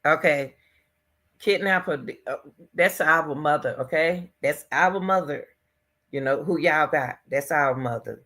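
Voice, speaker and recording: A woman's voice: low-pitched, measured pace, fairly bright tone. A woman hosting her own commentary stream, talking casually and emphatically to her viewers and repeating her points. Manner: emphatic, repeats phrases, talks straight to viewers. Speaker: commentary channel host. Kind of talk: casual commentary on a news case.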